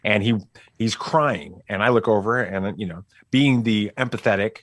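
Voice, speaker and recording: A middle-aged man telling a family story casually as a podcast guest, animated and full of fillers and restarts. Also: lowish voice, normal speed, no echo, studio quality.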